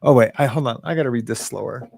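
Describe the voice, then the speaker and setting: Talking quickly with some vocal fry, this man has a mid-range, slightly mellow voice. He's hosting a laid-back livestream from his living room, reading out viewer comments, laughing a lot, and chatting loosely. A webcam or phone at home picks him up.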